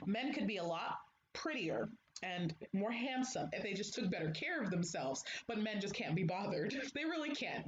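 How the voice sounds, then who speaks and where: A young woman hosting a livestream from home, chatting to viewers in a blunt, candid way and laughing often. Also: mid-range voice. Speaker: livestream host. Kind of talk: casual chat to viewers. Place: home, room with echo. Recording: echoey room, dull lo-fi sound, faint hiss.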